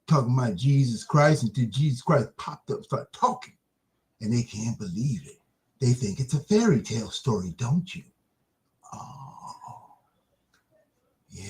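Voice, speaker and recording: A man hosting an online broadcast, delivering an impassioned religious monologue with rapid-fire rhetorical questions that taunt the listener. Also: mid-range voice, a little mellow.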